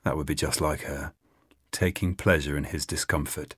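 A man narrating an audiobook in an expressive reading. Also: rumbling low, normal speed, husky, no room sound, clean studio sound. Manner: expressive, voices many characters.

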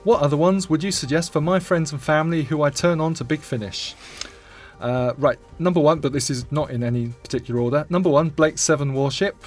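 A man's voice: on the high side, brisk, soft background music. A man co-hosting a podcast, reading listener emails aloud with dry asides. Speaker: podcast co-host.

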